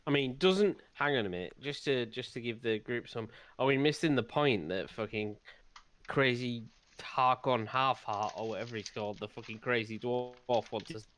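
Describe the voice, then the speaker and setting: A man, playing in a tabletop game, animated and enthusiastic, with some swearing. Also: medium pitch, normal speed. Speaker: player. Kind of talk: casual tabletop game chat.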